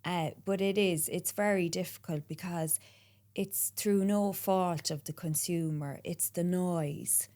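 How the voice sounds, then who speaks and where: An Irish woman, guest on a business podcast, talks in a lower register. She is animated and self-deprecating, telling her story in relaxed, conversational chat. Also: measured pace. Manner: animated and self-mocking, laughing at herself. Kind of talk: casual interview chat.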